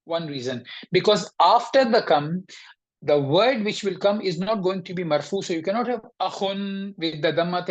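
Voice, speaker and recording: A woman teaching an online Arabic grammar lesson, explaining patiently, checking in with her students and pausing often with fillers. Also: medium pitch. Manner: hesitant, with frequent fillers and restarts.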